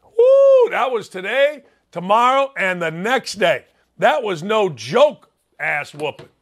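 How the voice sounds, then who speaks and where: A man's voice: sits high, sing-song, unhurried, fairly bright tone. Blunt, brash man with a Chicago accent. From Northwest Indiana. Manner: blunt, brash, self-mocking. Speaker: sports radio host. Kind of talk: sports talk monologue.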